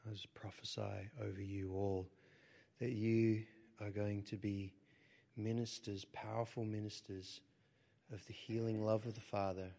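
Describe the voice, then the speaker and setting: A pastor leading healing prayer, speaking softly and often sinking into a whisper, then rising into firm declarations. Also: male voice, lowish voice, flat delivery, unhurried, vocal fry. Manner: soft prayerful delivery, often dropping to a whisper; rises to forceful declarations. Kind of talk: prayer ministry sermon.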